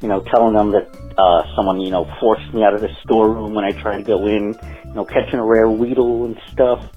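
A man leaving a halting voicemail that is full of fillers as he pitches a prank idea. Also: fairly even intonation, husky, faint music behind. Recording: muffled voicemail audio.

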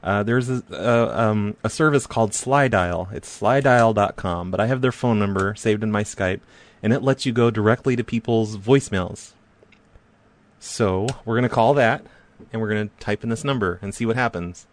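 A man hosting a prank call live stream, chatting casually and rambling with halting fillers and self-deprecating remarks. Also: on the low side.

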